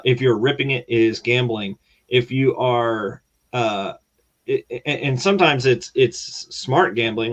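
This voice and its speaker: Podcast co-host guy, mid pitch voice, chill but confident, says it straight. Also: dull audio. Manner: relaxed and confident, gives blunt opinions. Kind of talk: casual podcast chat.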